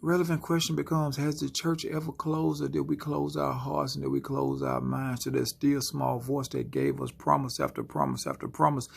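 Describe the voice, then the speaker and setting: A man giving a spoken-word motivational sermon, slow and dramatic, often dropping into hushed whispers. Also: fairly high pitch, creaky, slightly rough. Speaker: motivational speaker.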